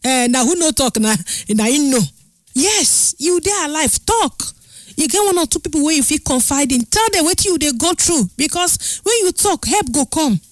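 A woman radio host with a Nigerian Pidgin accent, chatting on air in a lively, sing-song way that stretches her words. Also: sits high, moderate pace, no echo. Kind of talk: Pidgin radio show chat. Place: radio studio.

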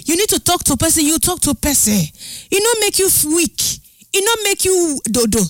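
A woman radio host with a Nigerian Pidgin accent, chatting on air in a lively, sing-song way that stretches her words. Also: very high-pitched, brisk, no room sound. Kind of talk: Pidgin radio show chat. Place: radio studio.

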